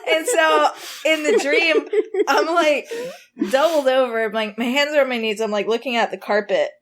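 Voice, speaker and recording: A woman's voice: high voice, normal speed. A woman co-hosting a podcast, telling a story in a casual chat and often breaking into laughter. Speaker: podcast co-host.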